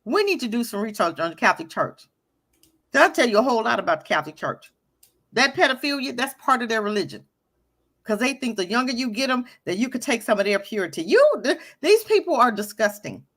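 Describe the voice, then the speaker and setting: A woman co-hosting an online talk radio show, reacting to a clip with animated, emphatic indignation. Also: a little high, brisk. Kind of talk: casual opinion talk, commenting on a played clip.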